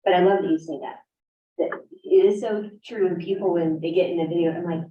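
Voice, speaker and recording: Frank, low-voiced woman instructor, far off. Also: fairly even intonation, brisk, a little hiss or hum. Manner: frank, conversational, down-to-earth. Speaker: graduate program instructor. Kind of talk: panel talk at a career event. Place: university event room. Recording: distant, echoey, dull room recording.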